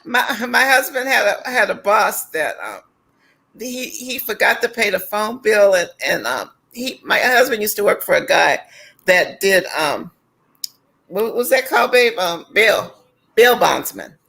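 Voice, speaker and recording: A married woman chatting on an online call, telling a story with many pauses and ums. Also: mid-range voice, expressive, vocal fry, a bit bright, breathy edge, rough recording. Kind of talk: casual chat.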